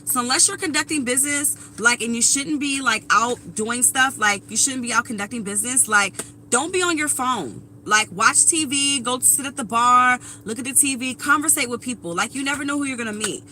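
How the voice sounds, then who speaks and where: Blunt, bright-voiced woman in her thirties. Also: a little high, a little fast, slight background noise, poor audio. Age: 30s. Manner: blunt, profane, talks straight to viewers. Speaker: tarot reader. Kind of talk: casual live-stream tarot reading.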